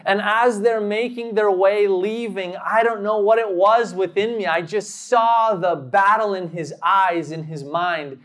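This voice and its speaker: Slow, dramatic male preacher. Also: high-pitched, steady tone. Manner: slow, dramatic storytelling with acted quotes and sudden loud bursts. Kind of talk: sermon with personal story.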